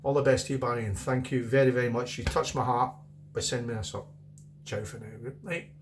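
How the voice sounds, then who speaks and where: Middle-aged Scottish man, chatty home beer reviewer, mid-pitched, wanders off on tangents. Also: quick pace, slight background noise. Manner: rambling, chatty, repeats himself. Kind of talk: casual beer review vlog.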